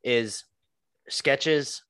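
A man's voice: mid-range voice, extremely slow, fairly bright tone, clean tone, no room sound, clean studio sound. A man co-hosting a podcast, talking casually and animatedly, swearing and laughing often. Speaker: podcast co-host.

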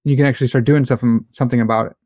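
A man's voice: medium pitch, rapid-fire, no echo. A man co-hosting a casual podcast chat, talking animatedly and acting out quoted people. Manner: animated, acts out quoted voices. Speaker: podcast co-host.

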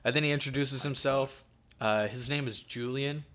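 Bright-voiced young man spinning a story. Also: mid-range voice, steady tone, normal speed. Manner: loose, slangy, peppered with swearing and fillers. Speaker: podcast co-host telling a story. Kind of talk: casual storytelling chat.

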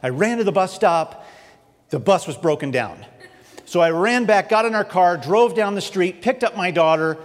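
A man's voice: high-pitched, normal speed. Man telling a story in a reverberant hall. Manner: earnest, animated storytelling. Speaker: preacher. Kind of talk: sermon storytelling.

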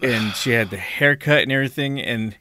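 A man's voice: medium pitch, fairly quick, bright, forceful tone, no room sound, clean studio sound. A man co-hosting a podcast, telling a story casually, rambling with restarts and swearing freely. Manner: rambling with many restarts, profane. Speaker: podcast co-host.

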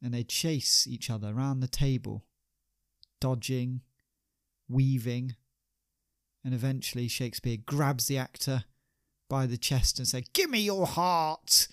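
A man narrates a comic story for his podcast, slow and unhurried, with a gravelly edge to his voice. He is wry and chatty, dropping in rhetorical asides, and the sound is dry and close. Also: mid-range voice, fairly even intonation, no room sound.

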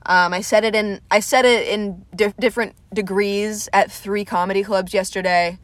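A woman's voice: medium pitch, steady tone, normal speed, no echo. Rambling young woman comedian, dry close sound. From Atlanta. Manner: rambling, self-deprecating, swears casually. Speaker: comedian and podcast host. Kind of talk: casual solo podcast monologue. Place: small room at home, lights went out.

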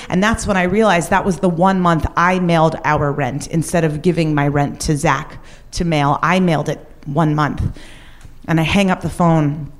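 A woman's voice: fairly low pitch, moderate pace. A woman telling a personal story on stage, candid and confessional in an everyday conversational way. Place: stage at a live show.

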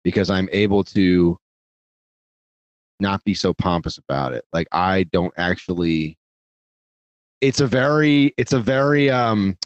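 A man's voice: low-pitched, unhurried, long pauses, no echo, dull audio. A man talking casually on a podcast, rambling, swearing freely and poking fun at himself. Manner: rambling, profane, self-deprecating. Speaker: podcast guest.

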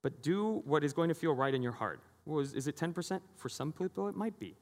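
A man's voice: on the high side, sing-song, fairly quick. Chatty pastor man in a reverberant hall. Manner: conversational, jokey, acts out quoted voices. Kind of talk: sermon.

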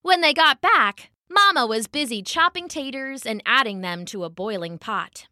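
A woman narrating a children's story in an expressive, animated way. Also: on the high side, normal speed, hardly any pauses, no room sound, clean studio sound.

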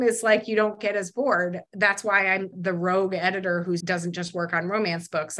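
A woman's voice: mid-range voice, fairly bright tone. A young adult woman, a podcast guest, telling stories in casual conversation, full of "like" fillers and acting out quoted voices with big jumps. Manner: frequent "like" fillers, quick laughs. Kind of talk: storytelling in conversation.

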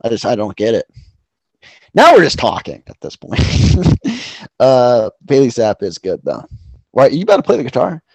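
A man's voice: mid-range voice, big pitch swings, a little fast, creaky, a little mellow, slightly rough, no room sound. A man co-hosting a casual sports betting chat, loose and profane, rambling through picks with plenty of ums. His voice sits mid-range and sounds dry and close to the mic. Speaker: podcast co-host.

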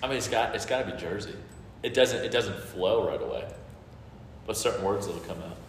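A young man with a lowish voice trades dry, teasing banter in a casual chat. The room is echoey with a long reverb tail and faint noise. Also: a little fast.

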